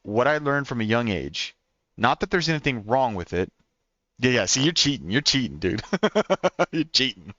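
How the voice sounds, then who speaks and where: A young man from Oklahoma with an Oklahoman accent, chatting quickly with his stream viewers, repeating words and laughing often. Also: mid-range voice, animated, fairly bright tone, no echo, dull audio. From Oklahoma, USA. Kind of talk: casual live-stream chat with viewers.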